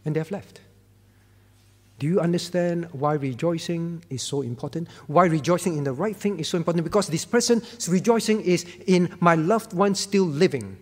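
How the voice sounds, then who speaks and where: Emphatic high-voiced male preacher in a reverberant hall. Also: moderate pace. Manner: emphatic, repeating key words, swinging from quiet to loud. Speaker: pastor. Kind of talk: sermon. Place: church sanctuary. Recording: church hall with long reverb.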